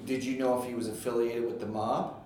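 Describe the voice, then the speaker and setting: A man's voice: flat delivery, fairly quick, a little mellow. A male podcast host interviewing a guest with brief prompting questions. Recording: echoey room, faint rumble.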